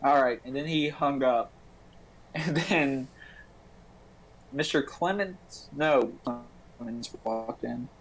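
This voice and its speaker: A man's voice: medium pitch, slow, long pauses, rough recording. Matter-of-fact young man, guest. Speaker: podcast guest. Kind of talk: casual storytelling chat.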